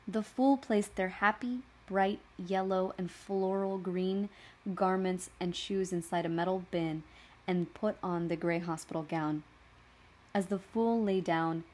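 Woman storyteller, slightly low voice, steady scripted narration.

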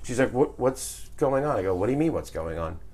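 New dude on a podcast, cursing, spinning a story, laughing a lot. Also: male voice, medium pitch, animated, brisk, darkish tone, breathy edge. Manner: storytelling, profane, laughs often. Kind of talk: casual chat. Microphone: phone.

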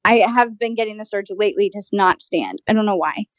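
A woman co-hosting a casual podcast, telling a story in an animated way, full of "like" fillers and the odd swear. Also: medium pitch, brisk, dry recording. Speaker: podcast co-host and channel. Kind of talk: casual chat. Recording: dull, dry, lo-fi sound.

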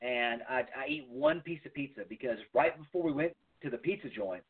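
A man's voice: fairly high pitch, wildly swooping pitch, a little fast, creaky, husky. A man, a podcast guest telling stories in an emphatic, rambling way. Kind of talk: casual chat. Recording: tinny phone-like line.

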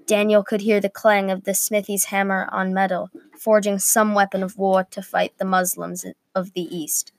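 A woman's voice: medium pitch, normal speed, few pauses, no echo. Woman reading a medieval story aloud. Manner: steady reading with small slips.

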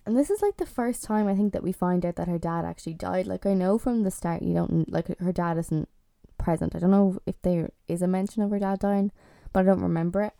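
A woman's voice: lowish voice, brisk, vocal fry, dark tone, no room sound. A young Irish woman in her twenties, chatting casually and with exasperation as a vlogger reviewing a TV series. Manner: chatty and exasperated, lots of fillers.

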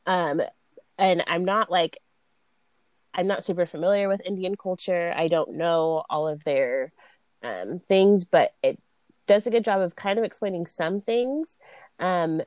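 A woman's voice: lowish voice, a little slow, darkish tone, no room sound, lo-fi sound. A woman co-hosting a podcast in casual chat, speaking with many fillers and laughing along. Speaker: podcast co-host.

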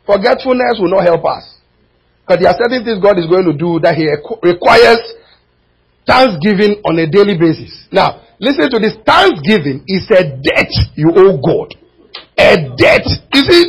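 A man preaching a sermon as pastor, swinging from near-shouts to quiet, low asides. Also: breathy edge, low-quality recording. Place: church.

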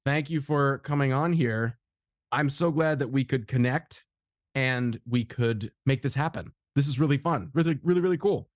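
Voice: mid-range voice, normal speed, dry recording. A podcast host who welcomes the guest and reacts with short, enthusiastic exclamations. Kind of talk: casual interview hosting.

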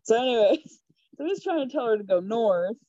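A young woman tells a personal story as a podcast guest, chatty and quick to giggle. Her voice is mellow and warm, recorded dry and close with a slightly dull, lo-fi sound. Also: on the high side, no echo. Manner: chatty, giggly, animated retelling. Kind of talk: casual storytelling.

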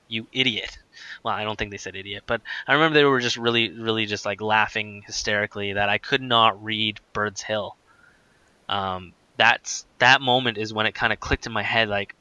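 A man's voice: mid-range voice, a little fast, bright, forceful tone, clear, resonant tone, no room sound. A man casually telling a personal story in a rambling way, full of "like"s and restarts. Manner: rambling, filler-heavy with many "like"s. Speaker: guest telling his story.

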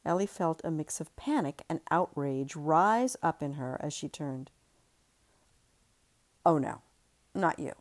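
Low-voiced woman reading her novel. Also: a little mellow. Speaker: author and podcast host.

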